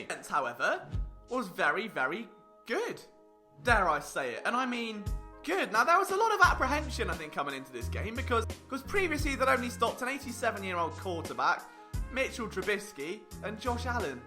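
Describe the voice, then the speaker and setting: A man's voice: high-pitched, sing-song, bright, forceful tone, soft background music. A man hosting a sports vlog, ranting in sarcastic, exasperated analysis and talking to camera. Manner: sarcastic, exasperated, fast restarts when worked up. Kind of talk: animated rant-style sports analysis. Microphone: on-camera mic.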